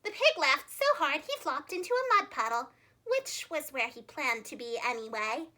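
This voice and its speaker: Bright, expressive woman reading a storybook. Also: high voice, moderate pace. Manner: warm, expressive read-aloud delivery. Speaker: preschool teacher and storyteller. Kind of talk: children's storybook read-aloud.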